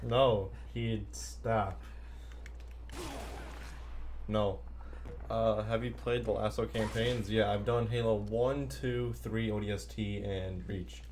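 A man's voice: on the low side, fairly even intonation, takes it slowly, pauses often, darkish tone, a little hiss or hum. A man streaming a video game, chatting playfully and answering his viewers' chat as he plays. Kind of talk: casual live-stream chat.

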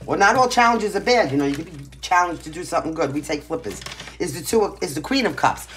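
A woman's voice: low voice, animated, quick pace, a bit bright, a little hiss or hum. A woman with a Brooklyn New York accent giving a casual tarot reading to the camera, blunt and emphatic, tagging her points with "right?" and "okay?". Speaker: tarot reader.

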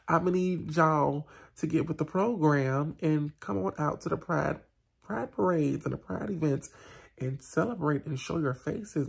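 A woman's voice: deep voice, vocal fry, a little mellow, slightly rough. A woman, chatting sassily to her viewers in a casual vlog recap, now and then dropping into a whisper. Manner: sassy and chatty, with asides to the viewers. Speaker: vlogger.

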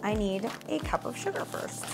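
Woman vlogger, casual and chatty, gravelly voice, background music. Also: mid-range voice, big pitch swings, moderate pace. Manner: chatty, lots of "like" fillers. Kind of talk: casual cooking vlog.

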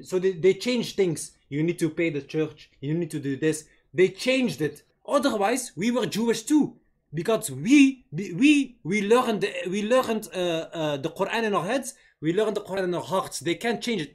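A young man with a high voice for a man argues with strangers on a video chat. He swears freely and repeats himself when worked up. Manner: heated, profane, repeats himself. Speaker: streamer on random video chat. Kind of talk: casual confrontational chat.

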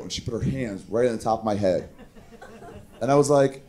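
A man in his thirties doing a profane stand-up comedy set on a club stage, mocking people with quick impressions. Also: lowish voice, mellow.

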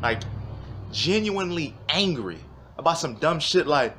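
A man's voice: fairly high pitch, big pitch swings, unhurried, background noise. Man ranting, heated and profane. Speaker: vlogger. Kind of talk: profane philosophical rant.

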